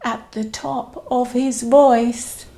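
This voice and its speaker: A woman nursery teacher reading a picture book aloud to little children. Her voice is high, and she reads very slowly. Her delivery is lively and sing-song, and she keeps inviting her listeners to join in. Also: a little hiss or hum.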